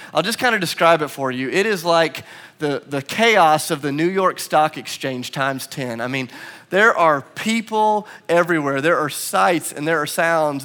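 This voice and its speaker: A male pastor with a slightly high, somewhat bright voice preaches a sermon. He tells a story with self-deprecating humor and builds to emphatic repetition.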